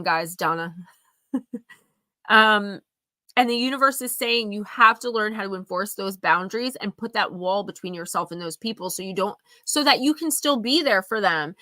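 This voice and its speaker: Tearful bright-voiced woman reading oracle cards. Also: medium pitch, dry recording. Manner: chatty, emotional, talks straight to viewers. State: tearful, sniffling. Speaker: oracle card reader on a live stream. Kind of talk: live-stream card reading and chat.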